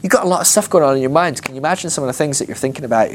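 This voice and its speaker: A man with a mid-range voice speaks at a racing pace over slight background noise. He teaches a ministry school class casually and jokingly, animatedly acting out the voices of Bible characters.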